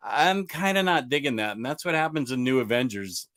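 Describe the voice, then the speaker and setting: A man's voice: mid-range voice, big pitch swings, brisk, a bit bright. A man hosting a comic book channel, chatting casually and enthusiastically, rambling and answering viewer comments. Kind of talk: casual livestream chat.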